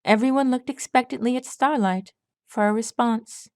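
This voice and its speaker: A woman narrating her own fan fiction audiobook in a steady, even storytelling voice. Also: on the high side, moderate pace, no room sound. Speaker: audiobook reader.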